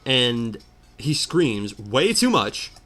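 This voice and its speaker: A man's voice: medium pitch, very animated, drawn-out words, bright, forceful tone. A man ranting in exasperated commentary while playing a video game. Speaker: let's player. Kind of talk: ranting commentary over gameplay.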